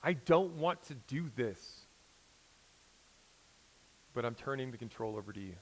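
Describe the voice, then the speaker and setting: An American man in his forties preaching a sermon in a conversational storytelling way, swinging between loud emphasis and quiet intensity. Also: mid-range voice, expressive, unhurried, a little hiss or hum, rough recording. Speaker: pastor.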